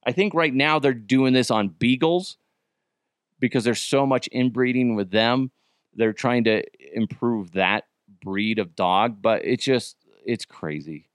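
A man's voice: mid-range voice, measured pace, no echo, clean studio sound. A man hosting a comedy podcast, chatting casually and rambling, with many restarts and asides. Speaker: podcast host.

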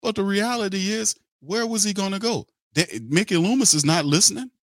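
In a dry recording, a middle-aged man with a high voice hosts a sports podcast, talking fairly quickly. He delivers opinionated, heated, blunt rants, swearing and repeating himself.

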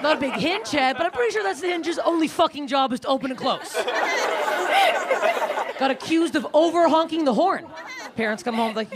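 A woman's voice: on the high side, a little fast. Crude woman comic in her thirties. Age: 30s. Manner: crude, self-deprecating, acts out shouted quotes. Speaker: stand-up comedian. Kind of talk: stand-up comedy set. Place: comedy club stage. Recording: live club with faint crowd and noise. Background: audience laughter.

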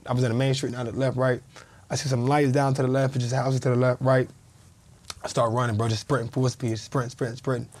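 Fast-talking man telling a story. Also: medium pitch. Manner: animated storyteller, acts out quoted voices. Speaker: guest, former pro football player. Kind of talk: casual storytelling interview.

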